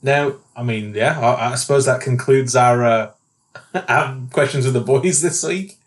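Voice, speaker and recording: Man, podcast co-host, mid pitch, playful, casual chat. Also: unhurried. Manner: playful, teasing questions, laughs often.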